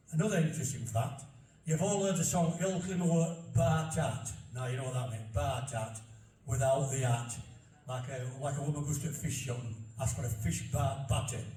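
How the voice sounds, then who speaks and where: An older local man with a Barnsley Yorkshire accent gives a folksy, anecdotal talk about dialect to an audience, repeating himself as he chats along. His slightly high voice has a dark tone and normal speed, picked up from far off in a roomy hall with slight background noise.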